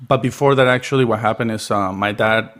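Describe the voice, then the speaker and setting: A young man from Peru, a comedian guest, telling rambling, animated stories in a casual podcast chat. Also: lowish voice, a little fast.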